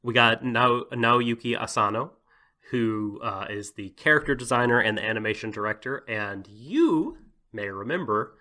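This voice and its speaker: A man's voice: medium pitch, lively intonation, moderate pace, bright, forceful tone. A man co-hosting a podcast, talking casually in a rambling way with lots of "like" and "you know" and frequent laughter. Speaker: podcast co-host.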